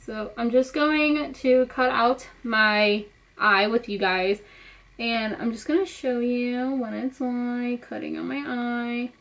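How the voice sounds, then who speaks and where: A woman's voice: on the high side, steady tone, slow pace, fairly bright tone, low-quality recording. A young woman vlogger chatting casually as she talks viewers through her makeup step by step. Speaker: beauty vlogger. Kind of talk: casual makeup tutorial talk.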